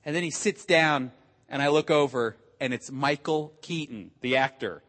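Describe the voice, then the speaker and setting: A man preaching a sermon as pastor, animated and emphatic, acting out quotes as he goes. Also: on the high side, normal speed. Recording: long hall reverb.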